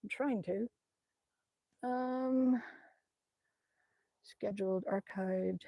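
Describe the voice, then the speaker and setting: A woman's voice: medium pitch, drawn-out words, vocal fry, dark tone, dry recording. A woman chatting casually with viewers on a livestream, reading comments, laughing often and muttering to herself. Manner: chatty, laughs often, mutters to herself while tapping through her screen. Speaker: vlogger reading live chat comments.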